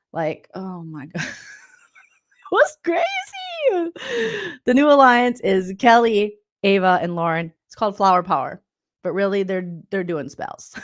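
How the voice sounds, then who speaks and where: A woman comedian recapping reality TV in a loud, profane, incredulous rant, laughing often. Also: mid-range voice.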